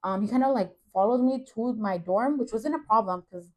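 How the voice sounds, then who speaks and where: A young woman tells a story in loose, casual podcast chat. She leans on fillers and acts out little quotes as she goes, and her voice sits a bit high. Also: a little fast. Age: young adult. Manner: rambling, uses many fillers and acted quotes. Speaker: podcast co-host.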